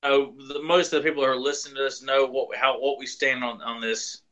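Sardonic ranting man with a bright voice. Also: medium pitch, little pitch movement, fairly quick, highs cut off. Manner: sardonic, ranting with repeated restarts. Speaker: podcast co-host. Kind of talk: casual podcast chat.

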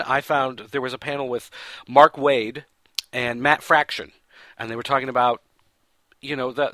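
A man's voice: mid-range voice, a bit bright, no echo. A man hosting a pop-culture show, giving a casual, rambling recap full of fillers and self-corrections. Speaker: podcast host.

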